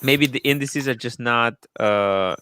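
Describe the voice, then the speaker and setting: A man hosting a casual livestream chat about watches, relaxed and musing. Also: medium pitch, measured pace, clear, resonant tone, no room sound. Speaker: host of a watch talk show. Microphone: studio microphone.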